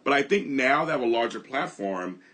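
A man's voice: medium pitch, animated, brisk, fairly bright tone. A middle-aged man from Los Angeles hosting, telling his own story in an earnest, reflective way that often repeats and restarts phrases. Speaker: host. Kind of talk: candid conversational storytelling.

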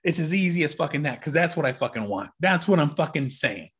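Husky, foul-mouthed ranting man. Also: on the high side, animated, brisk. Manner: angry, swears constantly, rambling. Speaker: podcast host. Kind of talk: profane ranting monologue.

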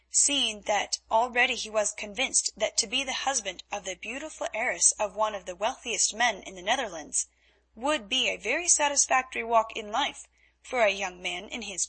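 A woman narrating a classic novel as an audiobook, in a measured storytelling manner. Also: a little high, pushed and bright, slightly rough.

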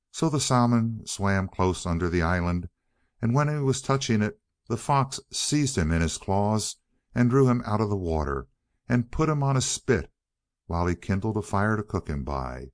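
A man reading a fairy tale aloud as an audiobook narrator, in an expressive way. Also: lowish voice, moderate pace, no room sound, studio quality. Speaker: audiobook reader.

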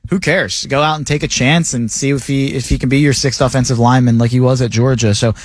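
A man co-hosting a sports radio show, talking casually and enthusiastically, his pitch jumping up when he gets excited. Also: fast talker, dry recording. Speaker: co-host, draft analyst. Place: radio studio.

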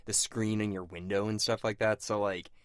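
A man with a somewhat low voice chats about a film with a friend, animated and quick to laugh. The sound is dry and close, with no room behind it. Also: no echo. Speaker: podcast co-host. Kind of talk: casual film discussion.

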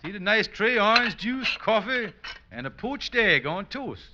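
An actor playing a scheming, boastful husband in a 1950s radio sitcom, with a blustery, wheedling comic delivery on an old, dull radio recording. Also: male voice, high voice, very animated, measured pace, background noise. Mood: fawning. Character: scheming boastful husband, middle-aged man.

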